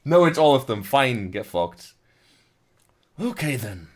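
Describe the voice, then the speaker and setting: Male streamer reading game narration with flair; crude, joking asides; very animated pitch. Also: slow. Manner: jokey and profane, reads narration dramatically. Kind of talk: live-streamed game reading and chat banter.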